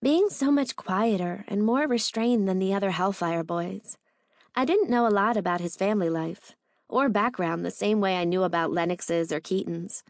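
A woman reading a first-person romance novel aloud in a measured, intimate manner. Her voice sits in the middle of the usual range. The recording is dry and close, with no room sound. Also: medium pitch, dry recording. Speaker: audiobook narrator.

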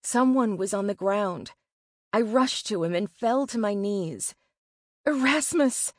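Slow, dry-voiced woman narrating a novel. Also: medium pitch, dry recording. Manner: measured and expressive. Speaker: audiobook narrator. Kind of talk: first-person novel narration.

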